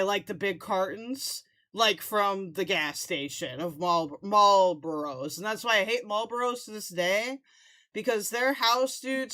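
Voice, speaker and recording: A woman's voice: mid-range voice, a bit bright. A woman in her thirties hosting a stream, chatting casually in a profane, rambling, teasing way. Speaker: streamer host. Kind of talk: casual chat.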